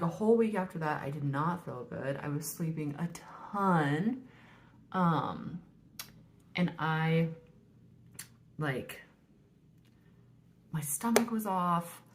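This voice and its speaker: A woman's voice: deep voice, expressive, slow, pauses often, slight background noise. A woman in her thirties telling a personal story in a casual vlog, chatty and full of fillers, often dropping to a whisper when quoting her own thoughts. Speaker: vlogger.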